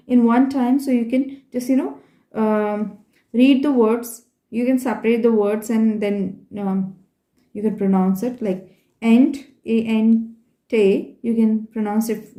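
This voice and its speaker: A woman's voice: on the high side, warm tone. A woman with an Indian English accent teaching beginner German from a textbook, patiently repeating and spelling out words. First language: Hindi. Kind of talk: textbook lesson explanation. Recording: echoey room.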